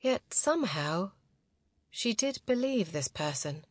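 A woman reading a novel aloud as narrator, in a measured, close and intimate way. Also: lowish voice, expressive, no room sound. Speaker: audiobook narrator. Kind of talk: scripted narration.

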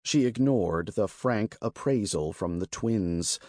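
Slow, expressive male audiobook narrator. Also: lowish voice, no echo. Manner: slow, deliberate and expressive reading. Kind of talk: scripted fantasy narration. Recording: dry close studio recording.

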